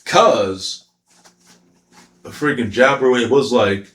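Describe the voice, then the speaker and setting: A man's voice: lowish voice, expressive, slow, pauses often, echoey room. A man giving a casual, rambling anime commentary, slangy with many fillers and frequent laughter. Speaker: anime reviewer.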